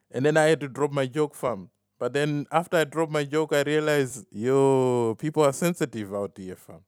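A man's voice: on the high side, normal speed, hardly any pauses, clear, resonant tone, no room sound, clean studio sound. A man hosting a solo podcast, rambling and self-mocking, laughing at his own jokes and dropping "fam" into his talk. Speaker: podcast host.

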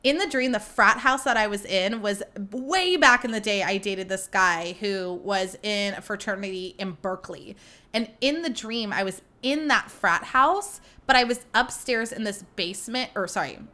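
A woman's voice: medium pitch, expressive, moderate pace, sharp tone. A young woman hosting a podcast, telling stories in a chatty, casual way, full of fillers and the odd swear word. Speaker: podcast host. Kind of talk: casual chat.

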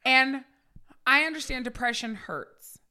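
A bright, forceful-sounding woman co-hosting a podcast, loose and a little tipsy. Her pitch swings widely as she fires off blunt, profane put-downs in casual comedic chat. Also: lively intonation, unhurried. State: a little drunk. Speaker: podcast co-host.

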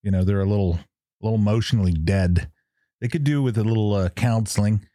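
A man co-hosting a podcast in a casual, rambling way, laughing easily between thoughts. His voice sits low. The sound is dry and close, with no room around it. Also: fast, warm tone, no room sound. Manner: chatty, laughs often, rambling explanations. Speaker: podcast co-host. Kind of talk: casual chat.

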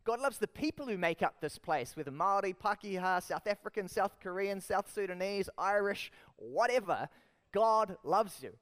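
A man with a New Zealand accent preaching a sermon, lively and emphatic, putting rhetorical questions to the congregation. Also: high voice, normal speed. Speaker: pastor.

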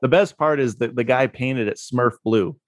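A man's voice: mid-range voice, moderate pace. A man being interviewed, telling a story in a laid-back way and laughing at himself. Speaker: guest, real estate investor.

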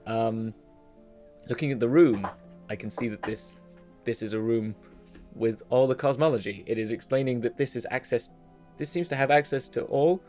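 Guy doing a talking magic orb, flat factual voice, kinda slow and deliberate. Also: medium pitch, faint music behind, lightly acted. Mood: matter-of-fact. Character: sentient male magic orb companion, factual and literal. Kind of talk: tabletop role-play.

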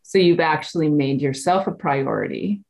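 A woman's voice: deep voice, moderate pace, a little mellow. Candid, swearing woman podcast host. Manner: candid, swears freely, many "like" and "right?". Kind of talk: casual interview.

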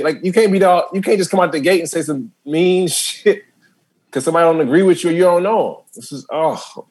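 He's a stand-up comic with a fairly high, brisk voice, swapping stories as a podcast guest in casual conversation. Expect lots of laughter, vivid telling and acted-out quotes.

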